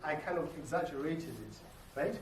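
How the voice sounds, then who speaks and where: Dance teacher in an echoey studio. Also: male voice, fairly high pitch, animated, normal speed, slight background noise. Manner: explanatory, ends points with tag questions. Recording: echoey room, mic far off. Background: music playing.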